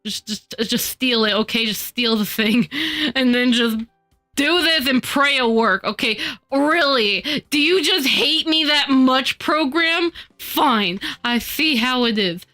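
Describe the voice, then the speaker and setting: A woman streaming while she models in 3D, scolding her software in exasperated outbursts, her nose stuffy from a cold. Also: sits high, lively intonation, slow, soft background music. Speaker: VTuber streamer. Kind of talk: casual live-stream chatter while 3D modeling.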